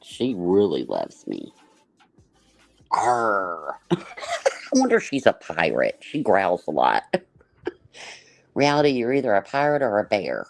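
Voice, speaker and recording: A woman's voice: very deep voice, wildly swooping pitch, normal speed, gravelly, darkish tone, no echo, faint music behind, low-quality recording. A woman hosting a casual livestream, joking and laughing as she reacts to other streamers. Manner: sassy, joking, lots of laughter. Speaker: host.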